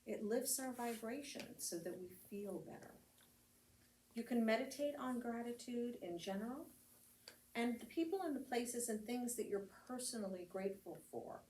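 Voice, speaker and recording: This American woman reverend gives a casual homily in a church meeting hall, telling stories with laughter and fillers. Her fairly high, slightly mellow voice runs at normal speed. The roomy hall makes her sound distant, with faint ambience and slight background noise.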